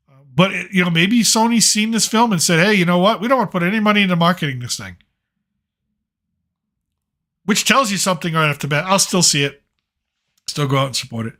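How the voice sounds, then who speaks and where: A man's voice: a little high, pushed and bright. A man hosting a late-night commentary show, ranting in a blunt, sarcastic, rambling way with some profanity.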